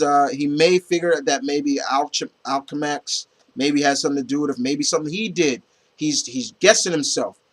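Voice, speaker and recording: A young man talks through his comic picks in an easygoing, unscripted way. His voice sits at an ordinary middle pitch. He rambles, restarts his sentences and leans on fillers, with casual swearing mixed in. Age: young adult. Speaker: comic book reviewer. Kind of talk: casual spoken review.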